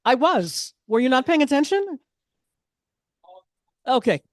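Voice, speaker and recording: A woman's voice: high voice, big pitch swings, measured pace, no room sound. Chatty woman doing stand-up, dry sound. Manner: chatty, self-deprecating, asides to the audience. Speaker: stand-up comedian. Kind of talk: stand-up comedy set.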